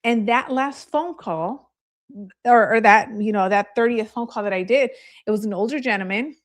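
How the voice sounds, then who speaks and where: A woman's voice: on the high side, moderate pace. A woman real estate agent giving a live training, telling candid stories in a chatty way and laughing easily.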